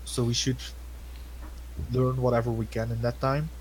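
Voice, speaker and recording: A man at a tabletop game who talks casually through his character's plans, mid-pitched with a faint hiss behind him. He hedges with small fillers as he thinks. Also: level tone, normal speed. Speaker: player.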